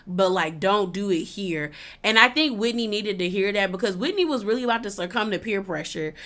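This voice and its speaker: A woman's voice: mid-range voice, lively intonation, fairly quick, fairly bright tone. A woman giving a casual, chatty recap of a reality TV episode, peppering her talk with "like" and acting out what the cast said. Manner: chatty, heavy use of "like", acts out quotes.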